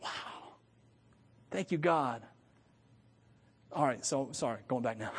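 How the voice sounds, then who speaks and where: A man from the United States preaching a sermon in an animated way, thinking aloud and correcting himself as he goes. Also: high-pitched, slow, pauses often, breathy edge, big-room sound. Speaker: pastor.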